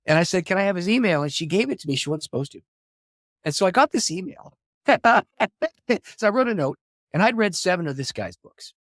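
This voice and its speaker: A middle-aged man, a pastor and author, telling a long story in an interview with animated delivery, acting out quoted dialogue and laughing often. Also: sits high, brisk, no echo, studio quality. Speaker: pastor and author, podcast guest.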